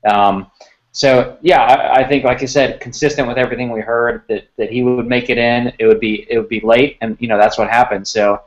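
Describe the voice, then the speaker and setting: A man's voice: mid-range voice, steady tone, a little fast. Man talking recruiting, slightly muffled. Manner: conversational, repeats words while thinking. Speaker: sports recruiting reporter. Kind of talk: casual podcast chat.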